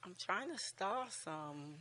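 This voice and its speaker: A woman in her sixties talks casually to a church class, laughing easily and tripping over her own sentences. Her voice is bright and a little tense. A long hall reverb trails behind her words. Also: lowish voice, animated, takes it slowly. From United States. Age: 60s. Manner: chatty, laughing often, warm storytelling with many restarts.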